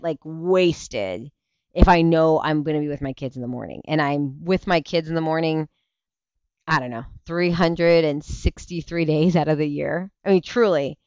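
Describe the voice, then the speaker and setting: A tired, yawning parent of young kids hosts a livestream, loosely answering viewer comments in a medium-pitched, clean voice. They ramble from topic to topic, cut themselves off mid-sentence, and laugh easily between restarts. The recording is dry and a bit dull, like lo-fi stream audio.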